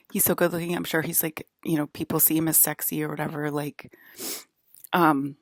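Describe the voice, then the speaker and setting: Low gravelly woman ranting casually. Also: dry recording, studio quality. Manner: filler-heavy, frequent "like", restarts; exasperated, ranting commentary. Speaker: vlogger. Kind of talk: casual rambling monologue.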